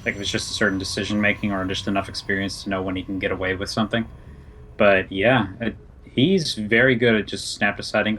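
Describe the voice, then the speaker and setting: A man casting a video game match in a relaxed, rambling, chatty way. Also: lowish voice, fast, breathy edge. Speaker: esports caster. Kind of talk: casual game commentary.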